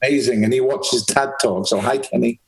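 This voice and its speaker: A man's voice: medium pitch, brisk, rough recording. A man hosting a podcast over a video call, upbeat and chatty as he welcomes his guests. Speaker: podcast host. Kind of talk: casual video-call interview.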